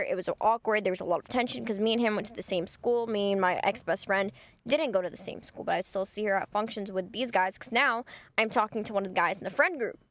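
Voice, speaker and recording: A woman's voice: mid-range voice, a bit bright, dry recording. A young woman telling a casual, gossipy story for her vlog, chatty and full of "like". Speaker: vlogger.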